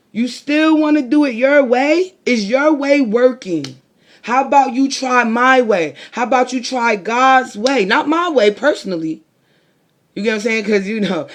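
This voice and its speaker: A woman vlogger giving a blunt, profane motivational monologue full of rhetorical questions. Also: a little high. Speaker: spiritual vlogger.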